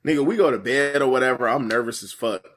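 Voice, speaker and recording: A man casually telling a story in slang, animated, jumping to a higher voice when he quotes people. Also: fast.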